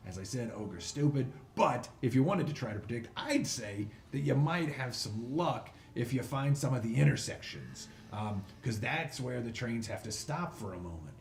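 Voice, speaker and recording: A man's voice: medium pitch, creaky, slight background noise. A man voicing a chatty, scheming male goblin boss who rambles in a chummy way. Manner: rambling, chummy, full of fillers. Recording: echoey room, faint ambience.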